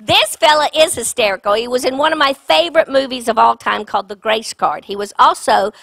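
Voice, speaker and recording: A woman's voice: a little high, brisk, vocal fry, fairly bright tone, a faint crowd. A woman introducing a comedian on stage, enthusiastic as she builds him up.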